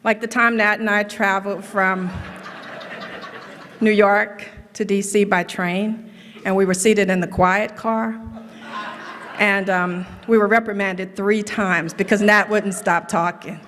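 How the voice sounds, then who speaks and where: A woman's voice: medium pitch, fairly even intonation, unhurried, a bit bright, slight background noise. A middle-aged woman giving a humorous tribute speech, telling stories with dry running jokes in a large event hall. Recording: reverberant hall.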